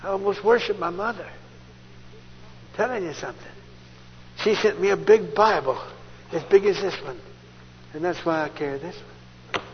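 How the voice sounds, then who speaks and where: A man telling his conversion story as a sermon, folksy and storytelling, jumping from loud outbursts to hushed asides. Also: sits high, normal speed, pauses often. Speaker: preacher giving testimony. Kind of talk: testimony sermon. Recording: dull old tape recording in a large hall, faint hiss.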